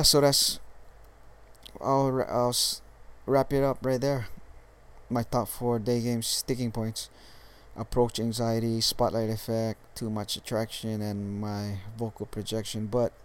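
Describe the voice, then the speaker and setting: A young man from Hawaii with a Californian accent, giving dating tips in a casual vlog monologue, laid-back and halting, swearing freely. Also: medium pitch, clear, resonant tone. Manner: laid-back, profane, halting with many restarts. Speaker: dating coach vlogger.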